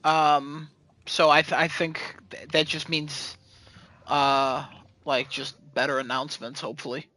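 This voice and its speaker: A man hosting a casual podcast chat, easygoing and quick to laugh. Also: fairly high pitch, level tone, bright, forceful tone. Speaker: podcast host.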